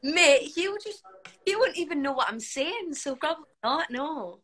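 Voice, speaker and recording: Chatty Scottish woman, bright voice. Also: high-pitched, moderate pace, low-quality recording. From Scotland. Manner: chatty, lots of "like", animated. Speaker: guest footballer. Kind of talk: casual chat on a livestream.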